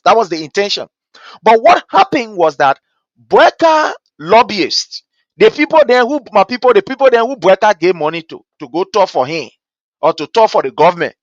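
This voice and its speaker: A man giving rambling, animated political commentary full of fillers and restarts, living in America. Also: sits high, no room sound. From Liberia. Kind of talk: casual commentary monologue. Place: lives in America. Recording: dull, lo-fi dry sound.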